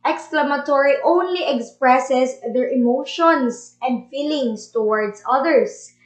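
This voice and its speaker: A woman's voice: sits high, slow pace. A woman teaching a grammar review lesson, explaining step by step with Tagalog asides. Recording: echoey room.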